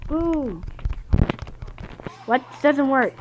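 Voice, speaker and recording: A woman giving casual gameplay commentary, excitable, often yelling and taunting at the game. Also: sits high, drawn-out words, noisy background. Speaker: gaming video host.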